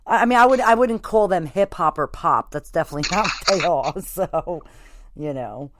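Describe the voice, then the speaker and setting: A woman's voice: fairly low pitch, expressive, moderate pace, background noise. A woman hosting a casual band interview, rambling along with lots of fillers like "like" and "you know.". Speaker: podcast host interviewing a band.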